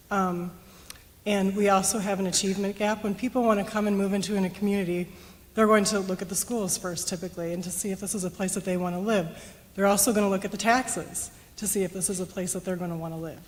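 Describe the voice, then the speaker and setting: A woman's voice: medium pitch, fairly even intonation, a little fast. Earnest woman candidate in an echoing hall. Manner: earnest, with frequent ums. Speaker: school board candidate. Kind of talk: forum answer. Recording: long hall reverb.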